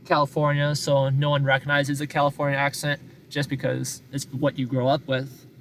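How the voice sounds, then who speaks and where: A man's voice: medium pitch, monotone, moderate pace, slight background noise. A talkative man from Wisconsin with a Wisconsin accent, rambling casually to his live-stream viewers from a parked car. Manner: talkative, rambling, self-deprecating. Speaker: live-streaming news chaser.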